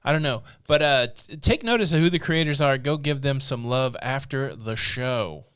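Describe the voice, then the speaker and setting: A man's voice: medium pitch, lively intonation, normal speed, a bit bright, clear, resonant tone. A man co-hosting a casual live stream, joking around, teasing and reading out viewer comments. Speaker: livestream co-host. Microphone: desk podcast mic.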